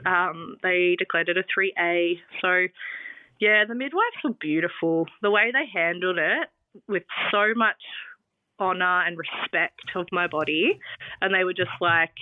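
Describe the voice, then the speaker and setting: A little slow and on the low side, an Australian woman's voice carries her birth story through a casual podcast interview where she appears as a guest. She's chatty and leans on "um" and "like" a lot. Audio is dry and phone-like, no echo.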